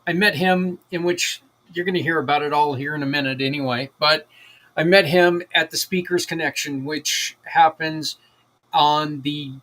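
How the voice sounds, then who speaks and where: Middle-aged male host, slightly high voice, rambling and enthusiastic. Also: fairly even intonation, normal speed, a bit bright. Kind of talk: casual livestream talk.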